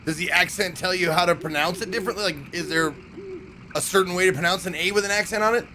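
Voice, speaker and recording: A young man streams a narrative game, chatting loosely and reading its on-screen text aloud as he goes. His voice sits a little higher than most men's. A faint hiss lies under the recording. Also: fast, sharp tone. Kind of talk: casual let's-play commentary.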